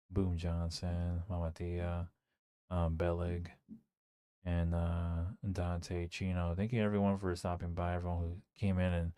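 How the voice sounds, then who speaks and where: There's no room sound in this studio-quality clip of a young man whose low, warm voice is clear and resonant. Playing a horror game on stream with a sore throat, he chats casually to his audience and himself, rambling with lots of fillers.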